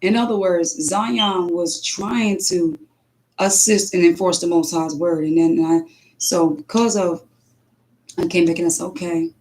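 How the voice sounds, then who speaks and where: A woman who reads scripture aloud and then tells emphatic, lively stories as a livestream preacher. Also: on the low side, measured pace, low-quality recording. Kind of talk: scripture reading and casual testimony.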